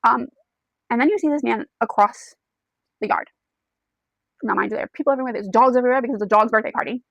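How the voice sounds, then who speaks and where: A woman's voice: on the high side, fast, vocal fry, dry recording, poor audio. A woman giving a casual, chatty book review, retelling the plot in second person with frequent check-ins.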